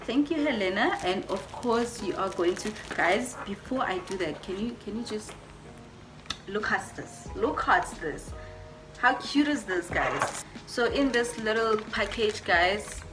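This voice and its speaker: A woman's voice: medium pitch, lively intonation, measured pace, music in the background. A woman beauty vlogger doing a casual unboxing, gushing over each item and repeating her words as she talks to her viewers.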